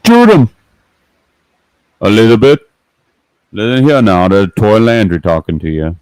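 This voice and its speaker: A man putting on a loud older Cajun alligator hunter, drawling with a thick, stuck-tongue mouth. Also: on the low side, lively intonation, measured pace, clean tone, no room sound. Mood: bossy. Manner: yelling, drawling, mouth full as if with peanut butter.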